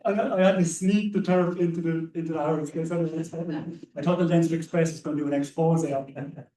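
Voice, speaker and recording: An Irish man tells anecdotes on a panel, his mellow voice tripping over repeated words. He is picked up from some distance away. A roomy echo surrounds him. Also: on the high side, steady tone, brisk. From Ireland. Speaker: conservationist panelist. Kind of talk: panel discussion. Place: hall or seminar room.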